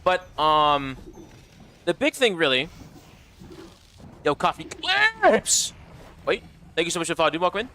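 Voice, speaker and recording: Bright-voiced young male game streamer. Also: fairly high pitch, animated, fast, a little hiss or hum. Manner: loose and chatty, swears often, reads out chat. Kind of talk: casual livestream chat while gaming.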